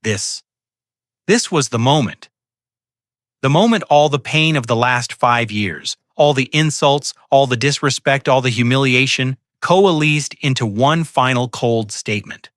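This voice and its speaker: A man telling a first-person story in a calm, measured, coldly deliberate way. His voice is forceful and bright, recorded dry and close. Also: medium pitch, no echo. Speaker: narrator.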